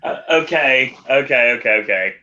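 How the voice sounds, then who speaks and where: A man's voice: medium pitch, lively intonation, moderate pace, bright, forceful tone, highs cut off. A man co-hosting a podcast in casual chat, who laughs often and joins in the banter. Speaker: podcast co-host.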